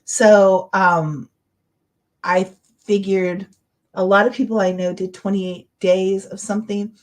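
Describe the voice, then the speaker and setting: A middle-aged woman chats casually to her viewers on a livestream, her voice sitting at a middle pitch. She rambles, fills pauses with "um," and keeps her tone encouraging. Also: fairly even intonation. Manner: chatty, rambling, encouraging, with many fillers. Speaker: livestream host. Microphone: webcam or computer mic, livestream.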